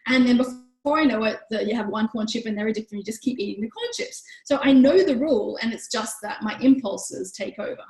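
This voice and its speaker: A woman leads an online parenting workshop in a chatty way, speaking briskly with hardly any pauses in a slightly mellow voice. She acts out quoted lines in higher voices. The room sounds echoey.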